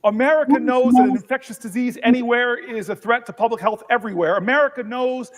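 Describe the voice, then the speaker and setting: A man's voice: very high voice, quick pace. A man delivering a formal political speech in a rhythmic, oratorical manner.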